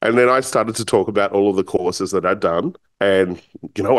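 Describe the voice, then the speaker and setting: A middle-aged man telling a personal story in an animated way, acting out the dialogue as he goes. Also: on the low side, brisk, no echo. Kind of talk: storytelling talk.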